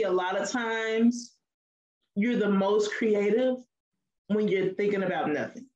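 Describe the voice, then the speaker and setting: A woman co-hosts a casual podcast, talking in an animated, preachy way and laughing often as she tells her stories. Her voice sits at a middle pitch. The room is echoey and roomy around her. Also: lo-fi sound. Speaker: podcast co-host.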